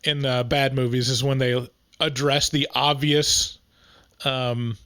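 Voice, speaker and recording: A man co-hosting a podcast in casual chat. He laughs often and fills pauses with "like" and "um.". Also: mid-range voice, flat delivery, fairly bright tone, no room sound, studio quality. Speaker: podcast co-host.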